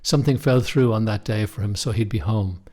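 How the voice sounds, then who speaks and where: Low-voiced man narrating a story. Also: mellow. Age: young adult. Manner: measured, wry, first-person storytelling. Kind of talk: scripted audiobook narration.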